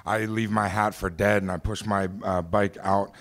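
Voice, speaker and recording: A man telling a personal story on a small theater stage, conversational and halting, with many fillers and restarts. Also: lowish voice, steady tone.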